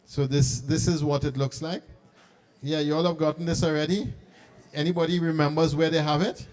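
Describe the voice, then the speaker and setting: Man, middle-aged, archbishop leading a meditation, coaxing tone. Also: fairly high pitch. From Trinidad and Tobago. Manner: animated and coaxing, then slow and hushed in prayer. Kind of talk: talk guiding a meditation. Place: conference hall.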